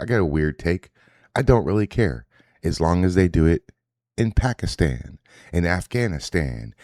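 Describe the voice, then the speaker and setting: A man's voice: deep voice, no echo, clean studio sound. A man hosting a daily reaction livestream, ranting in a profane, combative, casual way. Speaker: host. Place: indoors, home setup.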